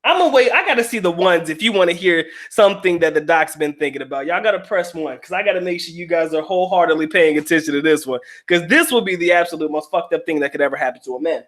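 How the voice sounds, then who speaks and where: A man's voice: a little high, lively intonation, fast talker, few pauses, a bit bright. A middle-aged man hosting a casual livestream, reading viewer comments aloud in a blunt, profane, slangy way with frequent laughs.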